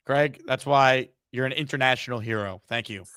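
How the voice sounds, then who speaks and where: A man's voice: medium pitch, normal speed, sharp tone, clear, resonant tone, dry recording, clean studio sound. A man hosting a sports talk show, brash and joking as he wraps up the episode. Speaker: host.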